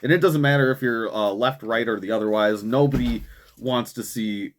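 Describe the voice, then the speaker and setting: A man's voice: mid-range voice, moderate pace. A young man hosting a commentary show, ranting angrily and swearing constantly, with frequent "man" and "dude" fillers. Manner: profane, heated, swearing constantly. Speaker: host of a political commentary show.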